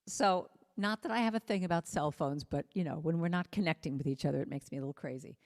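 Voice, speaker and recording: A woman with an American accent giving a spiritual talk. She speaks gently and earnestly, slowing down on key phrases. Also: low-pitched, long reverb tail. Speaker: musician and inspirational speaker. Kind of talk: spiritual talk with sung chant.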